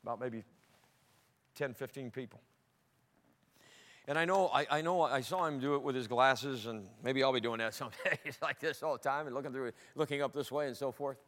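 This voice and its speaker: A middle-aged male pastor preaching a sermon, swinging between loud emphatic peaks and soft low asides. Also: a little fast. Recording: long hall reverb.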